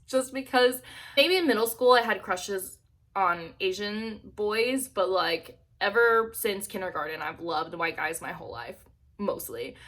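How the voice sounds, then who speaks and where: A woman's voice: mid-range voice, a bit bright. A young woman sits in her bedroom and talks straight to the camera, recapping her life in an unfiltered, rambling way. She swears freely and fills her sentences with "like," keeping a loose, chatty vlog tone. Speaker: vlogger. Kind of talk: casual chat to camera. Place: bedroom at home.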